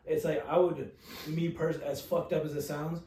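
A man trades blunt, swearing banter with a friend on a podcast. His voice sits a little high, and he is set back from the mic in an echoing room. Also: level tone, moderate pace, warm tone, recorded from a distance. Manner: blunt, profane, laughing banter. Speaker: podcast co-host. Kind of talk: casual chat. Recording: echoey and off-mic.

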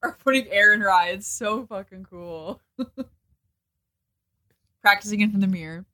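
A woman's voice: medium pitch, normal speed, sharp tone, dry recording. A young adult woman co-hosting a podcast, chatting casually about a film, laughing often and swearing freely. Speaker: podcast co-host. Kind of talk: casual movie commentary chat.

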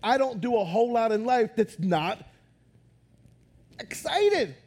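A man preaching a lively sermon as pastor in a church, talking loud, excited and animated. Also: very high-pitched, takes it slowly, breathy edge. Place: church auditorium.

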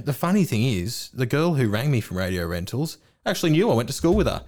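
A man's voice: medium pitch, sing-song, quick pace, few pauses, darkish tone. A man, co-hosting a podcast and telling a rambling, laughing, sweary anecdote. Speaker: podcast co-host. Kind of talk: casual chat.

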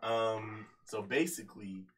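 A man's voice: on the low side, takes it slowly. A young man co-hosting a casual podcast, telling a story in slang, tagging lines with "right?" and laughing often. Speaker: podcast co-host. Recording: distant mic, faint noise.

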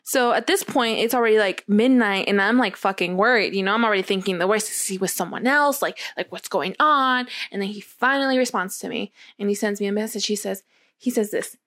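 A young woman casually telling a long personal story, acting out what was said with lively quoting. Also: mid-range voice, quick pace, no room sound, studio quality. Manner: animated storytelling, acts out quotes. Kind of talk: casual chat.

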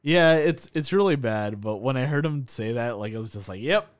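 A man's voice: mid-range voice, lively intonation, moderate pace, clear, resonant tone. A young man co-hosting a casual podcast, telling stories between frequent laughs and swearing. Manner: storytelling, swearing, laughing often. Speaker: podcast co-host. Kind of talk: casual chat.

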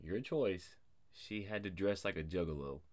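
A man in his twenties co-hosting a casual podcast chat, swearing constantly and laughing loudly. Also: low-pitched, normal speed. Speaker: podcast co-host.

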